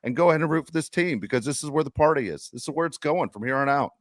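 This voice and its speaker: A man's voice: fairly high pitch, racing, dry recording, clean studio sound. A middle-aged man hosting a sports podcast, telling a rambling story in casual chat and getting worked up as he rants. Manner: animated, worked-up ranting. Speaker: podcast host.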